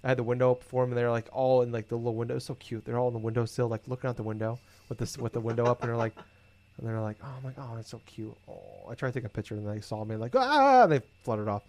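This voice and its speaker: In casual conversation, a man races through rambling everyday stories, animated and heavy on swearing and filler words. His voice sits in the mid range.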